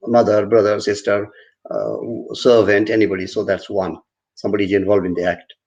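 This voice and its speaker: A man's voice: lowish voice, level tone, brisk, a little mellow, lo-fi sound. A man giving an online university lecture, repeating and restarting phrases as he explains with everyday examples.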